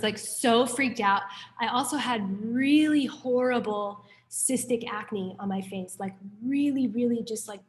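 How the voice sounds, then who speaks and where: A young woman from New York City teaching a Buddhist class in a casual, chatty way, telling stories and peppering her talk with "like". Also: mid-range voice. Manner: chatty, frequent "like", animated storytelling.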